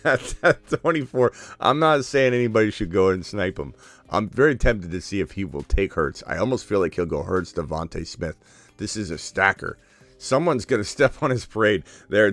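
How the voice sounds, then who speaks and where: A man hosting a live stream, joking and excitable as he talks through his picks, sometimes dropping to a hushed whisper. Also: low-pitched, vocal fry, no room sound. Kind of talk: casual live-stream commentary.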